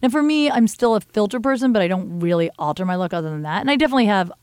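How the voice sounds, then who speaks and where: A middle-aged woman hosting a podcast, telling stories in a candid, animated way and swearing freely. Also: mid-range voice, racing, no echo. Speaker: podcast host. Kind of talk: casual chat.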